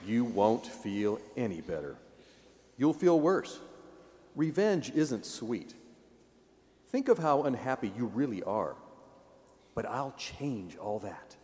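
A man plays the Lord in a drama skit, calm and patient, answering in gentle, measured lines at an ordinary pitch. A long hall reverb trails after every word. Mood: gently firm.

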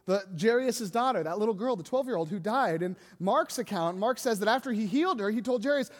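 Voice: mid-range voice, expressive, a little fast. A pastor preaching a sermon in a conversational way, often asking the congregation rhetorical questions. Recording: long hall reverb.

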